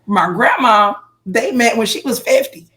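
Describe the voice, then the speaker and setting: On a casual music podcast, a woman co-host chats and tells stories animatedly, using lots of fillers and restarting often. Her voice is a little high and she talks a little slowly.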